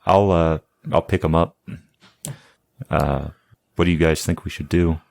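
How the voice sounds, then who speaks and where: A man's voice: a bass voice, steady tone, a little slow, vocal fry, a little mellow. A man playing in a tabletop game, speaking in short, matter-of-fact remarks. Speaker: player. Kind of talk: casual game chat.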